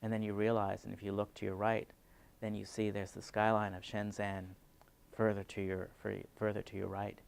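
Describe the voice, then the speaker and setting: A man, a city urban design planner, explaining ideas in a measured way with frequent fillers during a conference interview. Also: lowish voice, level tone, vocal fry, clear, resonant tone.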